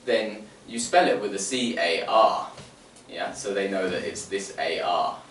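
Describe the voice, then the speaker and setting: A man's voice: sits low, unhurried, fairly bright tone. A man presenting phonics teaching to other teachers, sounding out letters and explaining step by step. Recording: roomy, distant mic, faint room noise.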